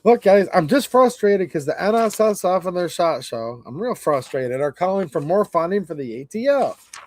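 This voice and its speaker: A man in his forties hosting a livestream, rambling and stammering in a blunt, frustrated way. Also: high voice. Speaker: livestream host. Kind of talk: casual livestream rant.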